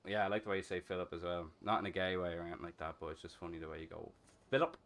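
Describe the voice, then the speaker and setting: A man's voice: deep voice, steady tone, rapid-fire. Foul-mouthed Irish man streaming. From Ireland. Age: 30s. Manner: crude, swears a lot, laughs loudly. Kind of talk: casual chat while gaming.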